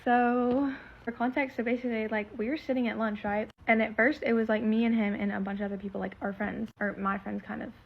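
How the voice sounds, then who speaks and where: A woman's voice: a little high, flat delivery, fairly quick, creaky, a little hiss or hum. A teenage girl telling a story in a casual vlog, rambling and full of fillers as she retells something emotional. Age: teens. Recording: slightly muffled lo-fi recording.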